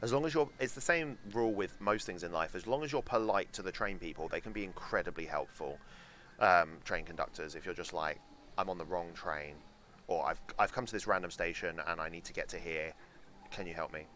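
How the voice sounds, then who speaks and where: A man's voice: sits low, brisk, fairly bright tone, a little hiss or hum. A young man with a London accent, chatting casually and swearing freely while streaming a game and answering chat. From England.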